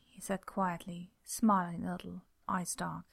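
A woman reading a story aloud as narrator, in a calm, steady, soft-spoken way. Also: fairly low pitch, measured pace, creaky, husky. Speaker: audiobook narrator.

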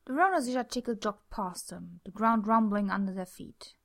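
A young woman reading a story aloud in a soft voice, dropping to a near whisper in tense passages. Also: mid-range voice, animated, a little fast, gravelly. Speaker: reader. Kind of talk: reading fan fiction aloud.

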